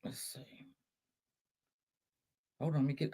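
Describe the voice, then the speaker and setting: A woman hosting a casual livestream with a lively, swooping voice. She talks in a scattered, chatty way to her viewers. She curses often and mocks herself. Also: on the low side, unhurried, pauses often. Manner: scattered, chatty, cursing, self-mocking. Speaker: livestream host.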